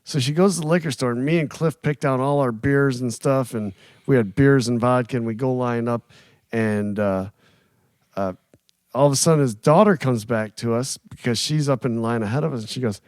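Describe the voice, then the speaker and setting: A man's voice: medium pitch, normal speed, dry recording. A man co-hosting a casual podcast, telling a story with lots of laughter and acted-out quotes, close to a studio mic. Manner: animated storyteller who laughs often and acts out quoted voices. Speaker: podcast co-host. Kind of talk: casual chat. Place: small recording studio. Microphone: studio microphone, close.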